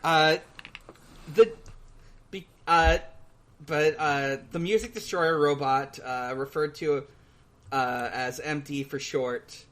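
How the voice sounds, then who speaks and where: A man co-hosting a podcast in casual chat, recapping a cartoon in a hesitant, halting way full of pauses. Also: fairly high pitch, a bit bright. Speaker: podcast co-host.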